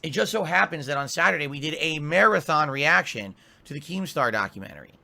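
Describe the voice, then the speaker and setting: Guy venting on his stream from his home office, bright kinda tense voice, swears a lot, pitch a bit up. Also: a little fast, vocal fry. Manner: profane, exasperated, lively complaining. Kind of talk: ranting stream monologue.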